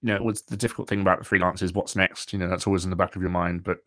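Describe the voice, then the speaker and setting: A man's voice: deep voice, level tone, very fast, bright, forceful tone, no room sound, studio quality. A man from England, a guest, chatting casually on a podcast with lots of fillers. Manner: chatty, filler-heavy, rambling. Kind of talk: casual chat.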